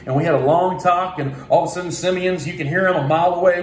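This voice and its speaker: A young man from Oklahoma giving a motivational keynote, energetic and telling a story while acting out the voices in it. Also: high-pitched, a little fast, hardly any pauses. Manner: energetic, acts out voices in his stories. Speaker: keynote speaker. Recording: echoey room, faint ambient noise.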